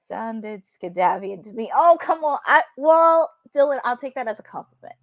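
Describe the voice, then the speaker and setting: A woman hosting a live watch-along, chatting excitably and laughing often as she reacts to the action. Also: sits high, moderate pace, few pauses, no echo, studio quality. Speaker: host.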